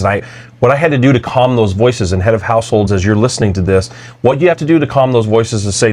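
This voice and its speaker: A man co-hosting a podcast, speaking in a thoughtful, slightly halting and agreeable way. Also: mid-range voice, darkish tone. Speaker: podcast co-host. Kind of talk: casual conversational podcast.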